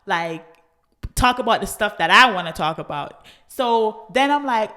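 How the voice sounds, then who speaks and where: A woman's voice: mid-range voice, animated, moderate pace, bright, forceful tone. A woman co-hosting a podcast, chatting expressively and casually with many fillers. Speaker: podcast co-host. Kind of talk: casual married-couple chat.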